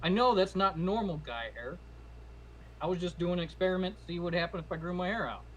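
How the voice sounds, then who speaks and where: A man with a slightly raised pitch lays out his view in a steady, explaining way on a casual podcast. Faint background hiss runs beneath him. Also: brisk, poor audio. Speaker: podcast co-host. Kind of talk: casual opinion chat.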